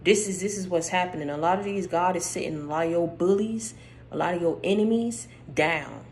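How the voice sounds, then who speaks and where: Hoarse, emphatic woman preaching encouragement. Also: lowish voice, brisk, a little mellow, a little hiss or hum, low-quality recording. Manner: emphatic, repeats phrases, addresses listener directly. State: losing her voice. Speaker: online spiritual speaker. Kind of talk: spiritual encouragement monologue.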